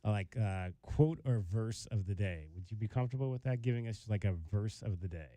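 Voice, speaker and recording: A man's voice: on the low side, brisk, warm tone, no room sound. A man hosting a sports radio show, chatting casually and teasing his co-host with laughs. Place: radio studio. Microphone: studio microphone.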